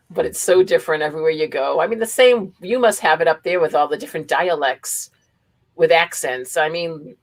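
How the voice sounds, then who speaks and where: A woman's voice: deep voice, animated, unhurried, pauses often, rough recording. A woman from Massachusetts with a Boston accent, hosting a casual livestream chat, laughing often and reading viewer comments aloud. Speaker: livestream host.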